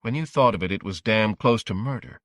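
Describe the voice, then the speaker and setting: A man reading a horror audiobook in a measured, dramatic storytelling manner. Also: lowish voice, fairly bright tone, no room sound, studio quality. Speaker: audiobook narrator. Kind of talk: scripted audiobook narration.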